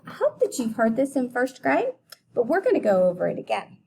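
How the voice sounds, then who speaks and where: A woman teaching a phonics lesson to young children, deliberately sounding out letters and syllables. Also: on the high side, huge pitch swings, creaky, a little mellow, slight background noise. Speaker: elementary school teacher.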